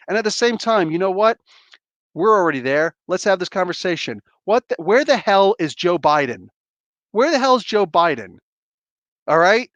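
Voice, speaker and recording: A man's voice: high-pitched, very animated, moderate pace, fairly bright tone, no echo. A man in his forties hosting a livestream, ranting bluntly in casual, rambling talk. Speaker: livestream host.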